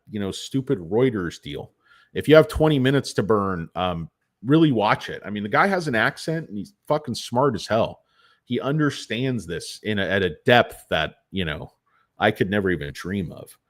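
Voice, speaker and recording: A man in a mid-range voice gives loose, rambling stock commentary. He drifts off on tangents and swears freely. His tone is casual and unscripted. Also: mid-range voice. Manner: rambling, profane, digressive. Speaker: stock vlogger.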